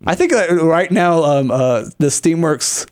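A man with a somewhat high voice trades casual banter as a talk show co-host. He rambles along, stopping often for fillers and starting his sentences over. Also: animated, measured pace, darkish tone, clear, resonant tone. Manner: rambling, many fillers and restarts.

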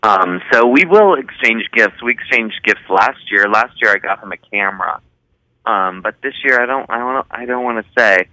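A man's voice: on the low side, lively intonation, moderate pace, pushed and bright, low-quality recording. A man from the Eastern Shore of Maryland, speaking, chatting as a podcast guest in a rambling way, full of "um" and "you know.". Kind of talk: casual conversational chat.

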